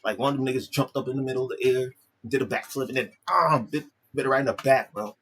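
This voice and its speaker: A man's voice: mid-range voice, fast, noisy background. A man casually retelling a film's plot, loose and slang-heavy, swearing freely and often repeating himself and restarting his sentences. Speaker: vlogger. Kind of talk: casual storytelling, recapping a film.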